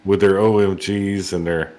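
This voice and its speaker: A man's voice: deep voice, little pitch movement, moderate pace, a little mellow, soft background music. A man, commentating a sim race in casual, teasing booth banter. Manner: teasing, joking, drawling.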